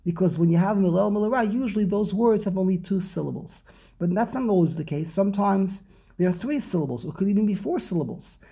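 A man teaching an informal Torah class, explaining slowly and often repeating and restarting his words. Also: high voice, animated, creaky, warm tone, slightly rough.

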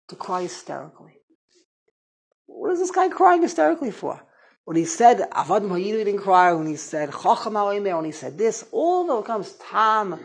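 A man teaching a rambling, animated Torah class on the Haggadah, full of Hebrew and Yiddish terms. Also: high-pitched, vocal fry, husky, low-quality recording.

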